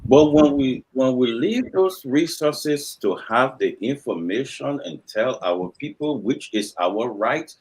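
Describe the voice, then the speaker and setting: A man's voice: mid-range voice, lively intonation, slow, few pauses, darkish tone, husky, rough recording. A man, arguing his point insistently in a heated political debate and repeating himself when cut off. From Liberia. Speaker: panel guest.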